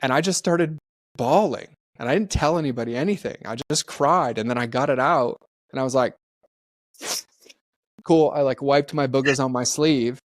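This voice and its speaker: A man guesting on a podcast spins candid, heartfelt stories casually, impersonating the people involved and leaning heavily on "like." His mid-range voice runs at a normal speed, recorded with no room sound.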